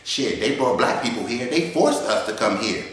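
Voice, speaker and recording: A man's voice: mid-range voice, lively intonation, moderate pace, fairly bright tone, close to an everyday voice. A man voicing a swaggering, profane male debater who talks in heavy street slang, recorded in a garage. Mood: brash, cocky. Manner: heavy street slang, constant swearing, cocky. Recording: echoey garage.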